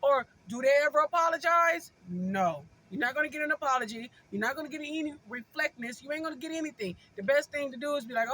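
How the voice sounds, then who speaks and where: A woman talking straight to her viewers in a casual advice vlog, with a high, bright voice. She hammers each point home, repeating short phrases over and over. Her tone is informal and conversational throughout. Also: expressive, normal speed. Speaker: vlogger giving relationship advice.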